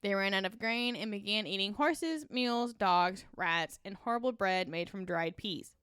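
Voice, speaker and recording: A woman's voice: mid-range voice, normal speed, smooth, no echo, studio quality. A woman co-hosting a podcast, reading sponsor copy and a history story with frequent laughs. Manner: laughs often, lively reading. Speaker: podcast co-host.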